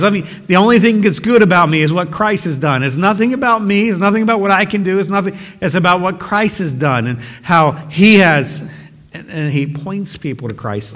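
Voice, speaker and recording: Preaching man in an echoing hall. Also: fairly high pitch. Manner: earnest, emphatic preaching, rising to forceful exhortation. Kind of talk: sermon. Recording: long hall reverb.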